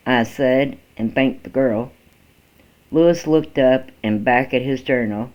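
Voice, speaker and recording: A male amateur reader narrates a first-person story in a slow, halting way and sometimes restarts a phrase. His pitch sits mid-range, and the recording is dull and lo-fi.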